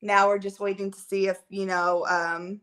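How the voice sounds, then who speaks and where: A woman's voice: mid-range voice, flat delivery, moderate pace, fairly bright tone. A woman chatting casually at home with viewers of her live stream, rambling and using many filler words, recorded by a camera on a holder. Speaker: livestream host.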